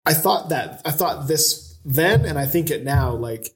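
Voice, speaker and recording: Male podcast co-host, upbeat rambler, a touch higher voice. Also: animated, a little slow. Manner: enthusiastic, rambling, many fillers. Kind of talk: casual chat.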